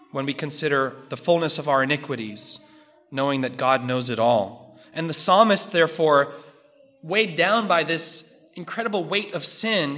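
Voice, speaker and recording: A man preaching a sermon, measured and emphatic, building through repeated phrases. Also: a little high, sharp tone.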